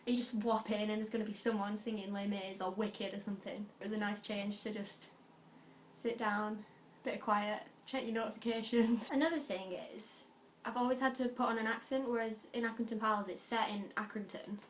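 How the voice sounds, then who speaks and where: A young woman from the North West of England with a Lancashire accent, talking to camera in an animated, chatty way, full of quick asides and restarts. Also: medium pitch, roomy sound, a little hiss or hum. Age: young adult. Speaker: vlogger. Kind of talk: casual chat.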